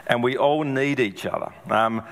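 A middle-aged man preaching a sermon. His pitch sits in an ordinary middle range. He talks in a loose, conversational way, full of ums and rhetorical questions. His voice rings out with a long reverb from the church hall. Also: moderate pace. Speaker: pastor.

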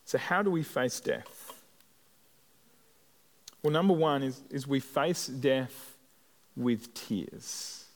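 A man preaching a sermon as a pastor, earnest and measured, with deliberate pauses. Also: mid-range voice. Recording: long hall reverb.

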